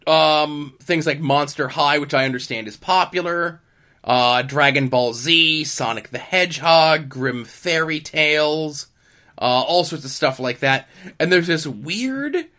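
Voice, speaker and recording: A young man with a bright, slightly raised voice co-hosts a laid-back podcast. He talks casually and wryly, with a dry sense of humor. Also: on the high side. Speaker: podcast co-host. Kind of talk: casual chat.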